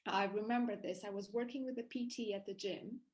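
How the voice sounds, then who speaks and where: A woman guest in a casual interview, recounting her own story in an animated way, often restarting her sentences. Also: medium pitch, a little fast, rough recording.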